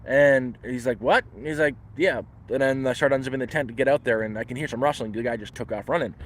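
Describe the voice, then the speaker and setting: Speaking very fast with a medium-pitched voice, a Canadian livestreamer rambles through a story outdoors in the woods. It's casual live storytelling, with lots of restarts and voices acted out in quotes.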